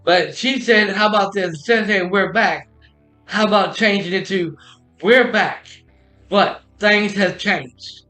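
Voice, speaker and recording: Male streamer, high bright voice, rambling casual storyteller, echoey room with faint music. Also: measured pace. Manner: rambling, many restarts and retold dialogue.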